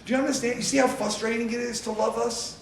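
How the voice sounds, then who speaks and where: A man's voice: very high-pitched, steady tone, fast talker, gravelly. A man leading a recovery group talk, speaking emphatically and repeating points for stress. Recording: echoey room from far off with hiss.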